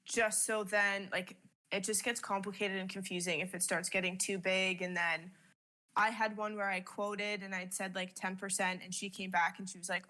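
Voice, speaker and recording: Candid bright-voiced Canadian woman. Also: medium pitch, level tone, moderate pace. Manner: candid, swears freely, laughs often. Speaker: business owner sharing advice. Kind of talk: casual chat.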